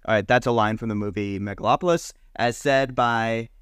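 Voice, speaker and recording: A man co-hosting a casual podcast chat, animated and mocking as he rants. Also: mid-range voice, a little fast, clean tone, dry recording. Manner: animated, mocking movie lines in exaggerated readings. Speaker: podcast co-host.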